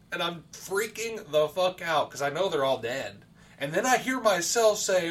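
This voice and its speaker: Rambling, swearing podcast co-host, man with a somewhat high voice, distant mic, faint hiss. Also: very animated, normal speed, a bit bright. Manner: rambling storyteller, heavy swearing and fillers. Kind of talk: casual chat.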